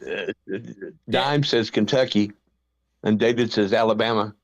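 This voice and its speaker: A man chatting excitedly on a casual call, swearing offhandedly and reading out guesses from the chat. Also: fairly low pitch, unhurried, crowd noise.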